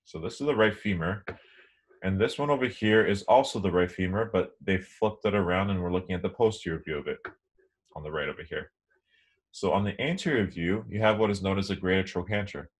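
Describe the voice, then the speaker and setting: A man's voice: sits low, brisk, slightly rough. A young man giving an anatomy lecture online, explaining casually with many ums. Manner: relaxed, filler-heavy explaining.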